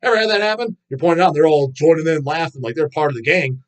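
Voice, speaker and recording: A middle-aged man hosts a livestream, his voice sitting on the high side and moving fast. He rants in a swaggering, mocking way, swearing freely as he goes.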